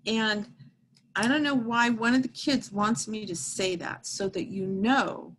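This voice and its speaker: A middle-aged woman, a medium, telling a heartfelt story and reassuring a support group in an earnest, gentle way. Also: on the high side, a little slow, low-quality recording.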